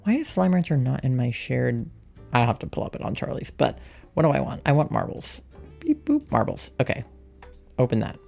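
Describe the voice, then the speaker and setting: A woman's voice: very deep voice, animated, brisk, gravelly, warm tone. A woman streaming a game live, chatting casually and rambling as she reads out chat messages. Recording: faint music behind.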